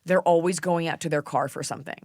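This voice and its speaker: A woman podcast host in casual chat, telling animated stories, acting out quotes and swearing freely. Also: deep voice, quick pace, dry recording, clean studio sound.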